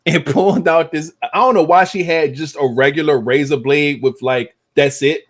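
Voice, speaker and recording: A young man hosting a podcast, telling a profane story in casual, animated talk. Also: a little high, moderate pace. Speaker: podcast host.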